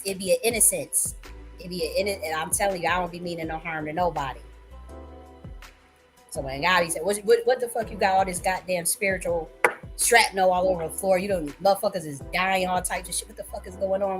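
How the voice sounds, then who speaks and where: A woman hosting a livestream who talks casually and emphatically, full of profanity and repeated words. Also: on the low side. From Buffalo area, US. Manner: profane, repetitive, emphatic, laughing. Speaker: livestream host. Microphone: livestream mic.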